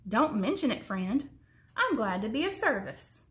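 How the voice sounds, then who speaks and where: Woman reads a gentle, friendly apple-grower man for a storybook; slow and unhurried, voice sits fairly high. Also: sing-song. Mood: friendly coaxing. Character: cheerful kindly male orchard worker, adult. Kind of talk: storybook character voice.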